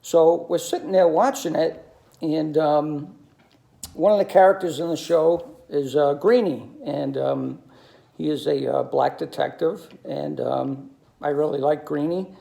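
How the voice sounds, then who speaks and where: A man, telling stories in a halting monologue full of ums and uhs. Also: fairly high pitch, fairly even intonation, vocal fry, warm tone. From New York City. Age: 60s. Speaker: video commentator. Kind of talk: monologue to camera.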